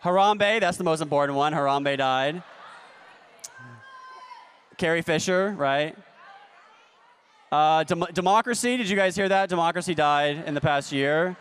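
A man doing a stand-up comedy set, with a deadpan, ironic delivery and playful asides to the crowd. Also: fairly high pitch, a little slow, long pauses, smooth. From United States. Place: large convention hall stage. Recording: long hall reverb.

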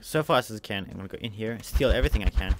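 Fast-talking man doing game commentary. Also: lowish voice, slight background noise. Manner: narrates each move, spells out letters, repeats phrases. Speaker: let's play gamer.

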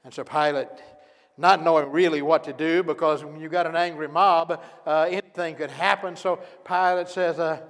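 High-voiced preacher in an echoey church. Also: male voice, steady tone, normal speed. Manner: dramatic storytelling, acting out each character's words. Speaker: pastor. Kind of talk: sermon. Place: church sanctuary.

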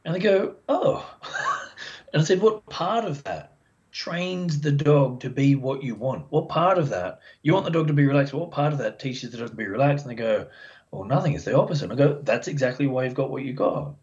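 A man, a dog behaviour expert, explaining as a podcast guest in a chatty, animated way and acting out the voices of dog owners. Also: mid-range voice, brisk. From Australia. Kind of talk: casual podcast interview. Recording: dull lo-fi sound.

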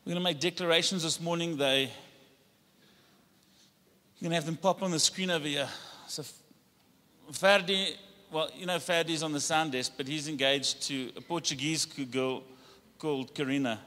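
A man's voice: a little high, normal speed, sharp tone. A man preaching a sermon as pastor, rousing his congregation to join in spoken declarations. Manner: rousing, leads congregation in call-and-response declarations. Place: church sanctuary. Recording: church hall with long reverb.

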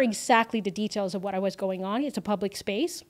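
A woman's voice: mid-range voice, fast, few pauses. A woman, a guest in an interview, telling an emotional personal story with many fillers and acted-out quotes. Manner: animated, lots of fillers, acts out quoted lines.

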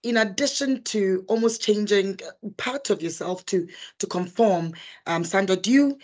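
A woman's voice: mid-range voice, measured pace, a little mellow. Friendly, hesitant woman interviewer. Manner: friendly, hesitant, with many fillers. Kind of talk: interview conversation.

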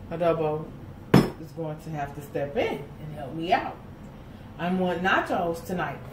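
A woman's voice: on the low side, background noise. Chatty woman cooking, far from mic. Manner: chatty, folksy, talks to viewers as y'all. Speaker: home cook host. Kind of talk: casual cooking chat. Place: home kitchen. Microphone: camera set off to the side. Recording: roomy kitchen audio from a distance.

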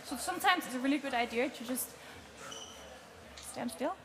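A woman coaching a group on presenting, chatty and lively, often laughing between points. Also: sits high, normal speed, crowd noise. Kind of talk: workshop teaching.

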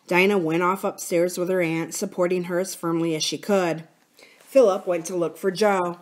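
A woman from a library reading a children's adventure book aloud in a clear, even storytelling voice. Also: fairly low pitch, normal speed.

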